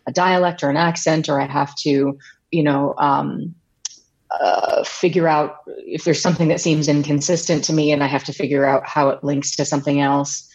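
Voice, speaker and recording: A woman's voice: low-pitched, little pitch movement, moderate pace, darkish tone, lo-fi sound. A woman audiobook narrator being interviewed, talking about her craft in an articulate, thoughtful way. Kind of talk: podcast interview.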